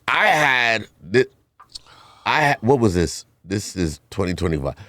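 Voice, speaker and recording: Animated low-voiced man teasing. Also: unhurried, no room sound. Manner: teasing, boastful storyteller. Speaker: podcast co-host. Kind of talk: casual banter. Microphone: podcast studio mic.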